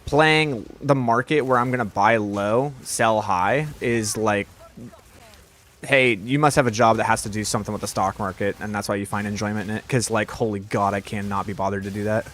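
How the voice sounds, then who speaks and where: A man's voice: fairly low pitch, steady tone, moderate pace, fairly bright tone. A young man live-streaming a game, chatting casually with his viewers, rambling and swearing often.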